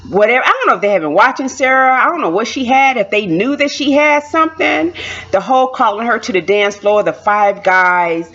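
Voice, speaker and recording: Woman vlogger doing a storytime, bright breathy voice, pitch jumping all over, kinda muffled lo-fi sound. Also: brisk. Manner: animated, chatty, emphatic repetition. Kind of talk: casual storytime. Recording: dull lo-fi recording.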